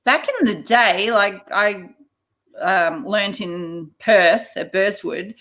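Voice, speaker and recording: A woman's voice: mid-range voice, slow, bright, forceful tone. A woman, a guest chatting casually about her casino work. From Australia. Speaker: podcast guest, casino surveillance worker. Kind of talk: casual interview chat.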